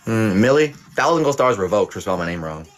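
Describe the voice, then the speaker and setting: Deep-voiced young man teasing his chat. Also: big pitch swings, faint music behind. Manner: teasing, profane, quick verdicts. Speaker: livestream host. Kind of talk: playful mock teacher reading live chat.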